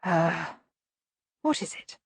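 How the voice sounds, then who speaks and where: Woman doing a squeaky, wheezing nervous cart driver. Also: very animated, slow, gravelly, breathy edge, dry recording, studio quality, exaggerated voice. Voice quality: high-pitched wheeze. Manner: babbling, loud and squeaky. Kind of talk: audiobook character reading.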